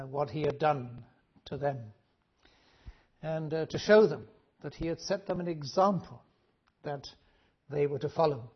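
Gravelly man preaching earnestly. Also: on the high side, muffled recording. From Wales. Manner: earnest, measured preaching with frequent restarts. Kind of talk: sermon.

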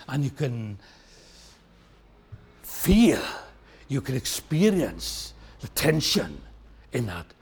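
A man preaching a sermon, expressive and emphatic, acting out the questions he quotes and slowing down to stress key words. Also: medium pitch, breathy edge.

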